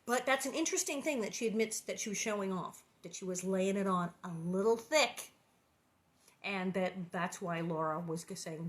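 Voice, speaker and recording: A woman reading a children's book aloud and breaking off for chatty, joking commentary, laughing often. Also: medium pitch. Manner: animated, joking, laughs often, quick asides. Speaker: reader and commentator. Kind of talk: casual read-aloud with chatty asides.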